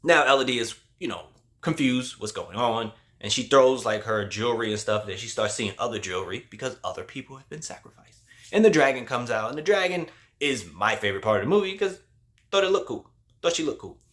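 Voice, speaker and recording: A man's voice: medium pitch, lively intonation, brisk, a bit bright. Guy doing a chill spoiler movie review, slangy, says like a lot, mid voice. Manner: slangy, loose storytelling with lots of "like". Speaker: host.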